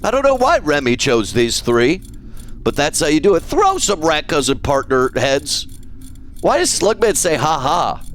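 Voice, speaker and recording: A man's voice: fairly high pitch, very animated, measured pace, a bit bright, a little hiss or hum. A man streaming live, chatting casually and jokily with his chat. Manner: playful, jokey, talks to chat.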